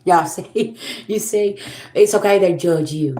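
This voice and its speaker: A woman's voice: lowish voice, unhurried, warm tone, roomy sound. Sassy, blunt woman tarot reader. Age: 40s. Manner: blunt, sassy, swears freely, talks straight to viewers. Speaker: tarot reader and livestream host. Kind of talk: casual livestream rant.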